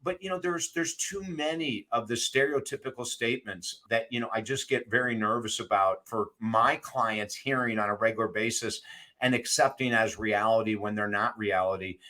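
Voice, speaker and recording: A middle-aged man, a recovery coach, talking as a guest in an interview, animated and emphatic, laughing often as he tells stories. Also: fairly low pitch, normal speed. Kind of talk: conversational interview storytelling.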